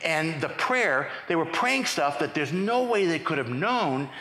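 A middle-aged male pastor telling his testimony in a lively sermon, often restarting his sentences. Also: on the high side, measured pace. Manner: animated storytelling with repeated restarts. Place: large church sanctuary. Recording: echoey church hall.

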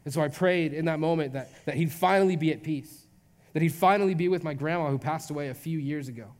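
Chatty young pastor in a reverberant hall. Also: male voice, on the high side, fast talker, a little mellow. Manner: casual, chatty, lots of "like". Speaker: youth pastor. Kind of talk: storytelling sermon.

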